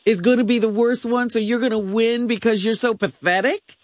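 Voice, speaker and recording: A man's voice: very high-pitched, fairly even intonation, fairly quick, no room sound. A man co-hosting a radio show, dropping wry, teasing remarks into the chat. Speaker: radio co-host. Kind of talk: casual radio banter.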